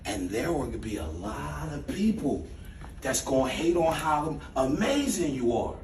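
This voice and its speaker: A man speaking as a dean to a group of young men, giving a motivational speech and leading call-and-response chants, moving from low confiding talk to loud calls. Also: big pitch swings, unhurried, echoey room, distant mic, a little hiss or hum. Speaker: dean leading a youth ceremony.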